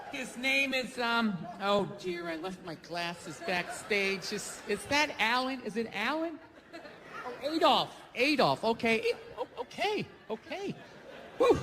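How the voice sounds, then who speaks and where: A man doing a bumbling emcee who forgot his glasses. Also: very high voice. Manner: fumbling, hesitant, slow. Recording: long hall reverb, faint noise.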